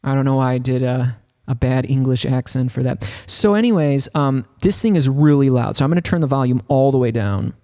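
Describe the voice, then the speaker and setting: A man giving a casual, rambling tutorial on a software synth, talking loosely with lots of filler words. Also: medium pitch, lively intonation, brisk. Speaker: music production tutor. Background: faint synth keyboard notes.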